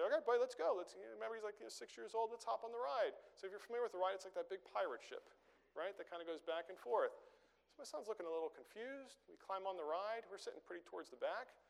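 A man's voice: sits high, gravelly. A middle-aged man preaching a sermon as pastor, conversational and storytelling, with rhetorical questions. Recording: long reverb of a large room.

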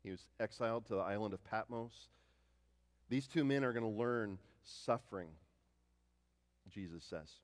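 A man preaches with a fairly low voice in an easy, conversational way. He throws rhetorical questions to the congregation and often repeats or restarts his words. A long reverb trails behind him, as in a large hall. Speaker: pastor. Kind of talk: sermon.

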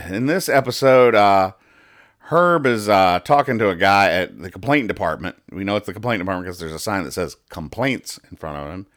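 A man's voice: low-pitched, animated, normal speed, fairly bright tone. A young adult man hosting a casual podcast where he reads comic strips aloud, rambling and stumbling over his words as he explains each joke. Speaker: podcast host.

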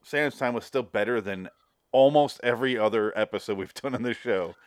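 A man's voice: medium pitch, brisk, no echo, clean studio sound. A man co-hosting a podcast in casual chat, rambling, swearing casually and laughing often. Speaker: podcast co-host.

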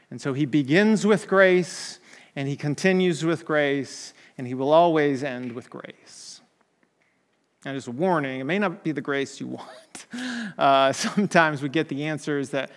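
A man's voice: medium pitch, in a large hall. A man preaching a conversational sermon, often checking in with "right?" and restarting his sentences.

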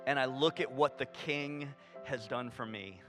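A man preaching a sermon, animated and conversational, acting out quoted voices and dropping to a hush for emphasis. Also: mid-range voice, a little slow, music in the background. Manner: animated, swings from loud emphasis to hushed near-whisper; acts out quoted voices, casual fillers like "I mean" and "right?". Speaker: pastor.

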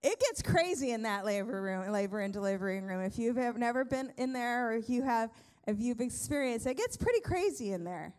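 A young woman pastor preaches in a high, bright, smooth voice at a slightly fast pace. Her sermon is lively and conversational, full of jokes and restarted sentences, swinging between big emphatic lines and quiet asides.

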